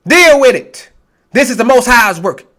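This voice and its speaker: A man's voice: extremely high pitch, very animated, unhurried, a bit bright. A man preaching a blunt, profane, confrontational sermon and reading scripture aloud. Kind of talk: street-style sermon, Bible reading.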